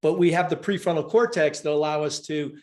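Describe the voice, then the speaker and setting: A man's voice: a little high, fairly quick. A man hosting a podcast interview, speaking in an upbeat, encouraging way. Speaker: podcast host. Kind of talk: casual interview talk.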